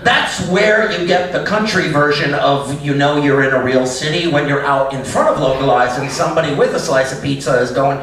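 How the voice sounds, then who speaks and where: Rambling comedian on stage. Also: male voice, fairly high pitch, animated, normal speed, background noise. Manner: rambling, self-interrupting delivery. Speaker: stand-up comedian. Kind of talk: live stand-up set. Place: small cafe venue. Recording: echoey room, far mic, audience. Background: laughing audience.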